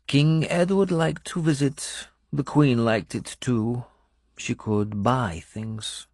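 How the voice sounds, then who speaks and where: An audiobook narrator, a man, voicing a wary, bitter foreign woman who speaks slowly and gravely with a foreign-sounding accent. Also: rumbling low, steady tone, darkish tone, no room sound, studio quality, voice pushed up, heavily acted. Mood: bleak, wary. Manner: slow, measured, bleak delivery. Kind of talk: audiobook character voice.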